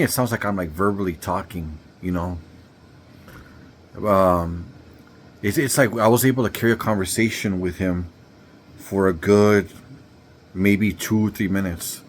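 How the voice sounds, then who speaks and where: A man's voice: low-pitched, a little hiss or hum. A man telling a story in a rambling, laid-back way, full of slang and fillers. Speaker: vlogger. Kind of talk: casual storytelling to camera.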